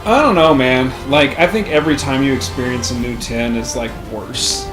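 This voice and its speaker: A man's voice: mid-range voice, moderate pace, over music. A young man hosting a let's play, telling rambling stories in casual chat, swearing freely and laughing often. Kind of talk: casual chat over gameplay.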